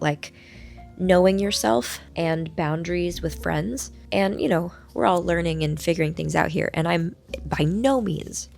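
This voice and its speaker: A woman hosting a casual vlog from a hotel room, her voice hoarse while it recovers, chatting in a playful, rambling, self-mocking way. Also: fairly low pitch. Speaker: vlog host. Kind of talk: casual chat to camera.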